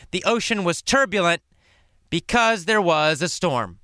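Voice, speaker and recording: A man teaching English by telling a story slowly, asking questions and answering them himself. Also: sits high, expressive, pushed and bright, no echo, studio quality. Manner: repeats and answers his own questions, dramatic swings to near whisper.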